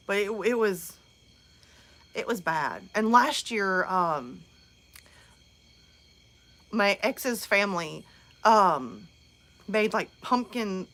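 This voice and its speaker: A woman's voice: mid-range voice, a bit bright. A woman in her thirties hosting a casual live stream from home, chatting and answering viewers' comments.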